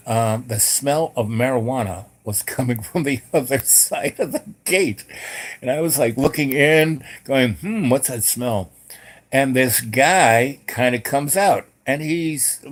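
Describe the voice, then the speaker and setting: A middle-aged man spins a loose personal anecdote, full of ums and restarts. His voice sits at an ordinary middle pitch for a man, relaxed and conversational. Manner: rambling, many fillers and restarts. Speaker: host. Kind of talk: casual storytelling.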